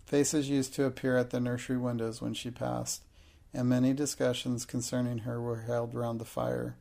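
Gravelly guy reading an audiobook, steady and flat. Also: medium pitch, normal speed. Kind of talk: audiobook narration.

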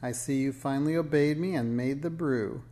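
A man reading aloud, voicing a cranky, bossy old witch who scolds slowly and sharply in a storybook. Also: a little high, dark tone, lightly acted. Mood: scolding.

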